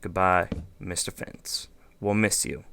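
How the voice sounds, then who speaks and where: A man's voice: low-pitched, level tone, slow pace, gravelly, bright, forceful tone, smooth, dry recording. A man hosting a let's play, thinking aloud in casual gameplay commentary with lots of fillers and goofy asides.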